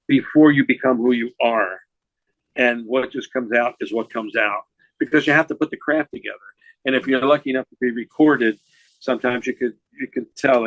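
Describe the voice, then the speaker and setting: A man's voice: medium pitch, a bit bright, no room sound, rough recording. A man in his sixties, a jazz saxophonist and teacher, telling stories in a casual interview, rambling with many restarts. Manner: rambling, full of restarts and "you know". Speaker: jazz saxophonist and educator, podcast guest.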